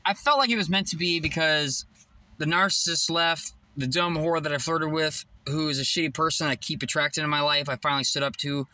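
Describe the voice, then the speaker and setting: Young male vlogger, rambling and excitable, bright high voice, phone mic outdoors. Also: a little fast, dry recording. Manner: rambling, excitable, swears freely. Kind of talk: casual vlog storytelling. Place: outdoors by a tree near his parked car.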